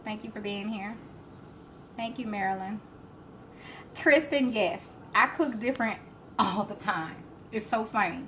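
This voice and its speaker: A woman's voice: medium pitch, unhurried, long pauses, bright, forceful tone. A woman hosting a live cooking stream, chatting and laughing as she answers viewer comments. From Alabama, US. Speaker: cooking show host. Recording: faint background noise.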